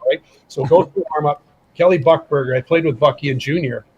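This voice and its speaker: On a podcast, a middle-aged man who once worked as a pro hockey enforcer spins a casual tale, animatedly performing the dialogue he quotes. His fairly high voice moves fairly quickly, the recording is muffled, and a crowd can be heard behind him.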